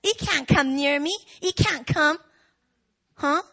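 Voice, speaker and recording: Woman pastor preaching, slow deliberate delivery, gets loud and fired up. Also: high voice. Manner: animated, rising to shouts. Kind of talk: sermon. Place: church hall.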